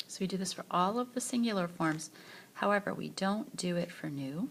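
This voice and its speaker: Lady french teacher doing a screencast lesson, lowish voice, talks it through patiently and says the verb forms slowly to repeat. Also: expressive, creaky, slight background noise. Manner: explains patiently, models French phrases slowly for repetition. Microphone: voice-over on a tablet screencast.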